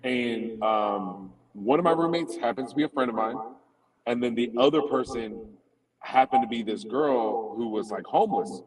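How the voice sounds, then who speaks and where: A man in casual conversation, telling a funny personal story with lively laughter, heard from a distant phone. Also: mid-range voice, normal speed, breathy edge. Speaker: comedian guest. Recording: distant phone audio with crowd noise. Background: crowd chatter at a cookout.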